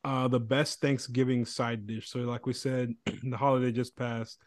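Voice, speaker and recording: A man co-hosting a casual podcast chat, animated and quick to laugh. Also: mid-range voice, no room sound, studio quality. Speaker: podcast co-host.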